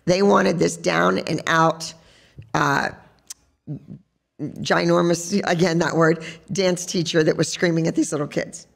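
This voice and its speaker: Woman podcast host, gravelly and low, chatty storyteller on a live stage. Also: steady tone, a little slow. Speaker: podcast host and dance teacher. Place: sports bar, live show.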